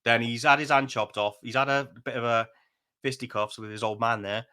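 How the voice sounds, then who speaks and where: Bright-voiced man chatting. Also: mid-range voice, fairly even intonation, fairly quick, clean tone. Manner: chatty, laughs often, rambling retellings. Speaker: podcast co-host. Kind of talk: casual chat.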